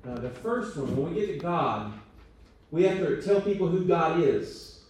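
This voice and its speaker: A man teaching at church leads a conversational training session, checking on his audience and tossing in self-deprecating asides. His voice is on the high side, lively, measured, and a little mellow, with faint hiss or hum. He sounds distant in a very echoey church meeting room.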